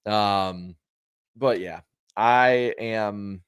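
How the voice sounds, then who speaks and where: A man hosting a racing talk show, giving frank opinions in casual, conversational pre-race chat and talking warmly to his viewers. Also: lowish voice, extremely slow, smooth, dry recording, clean studio sound. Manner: friendly to viewers.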